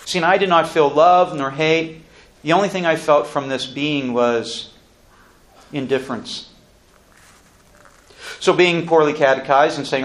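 A man giving an earnest, solemn spoken testimony, speaking deliberately with pauses and restarts. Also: a little high.

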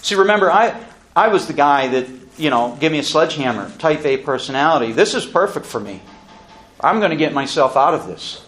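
Man, solemn personal testimony, deliberate pacing, restarts, a bit higher-pitched. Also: animated, fairly bright tone. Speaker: speaker giving a personal testimony. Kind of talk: earnest spoken testimony.

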